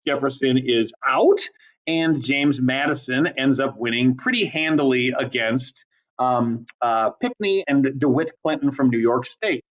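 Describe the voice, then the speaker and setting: A man teaching a history class in a casual, chatty lecture style, with many ums and quick asides. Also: mid-range voice, lo-fi sound.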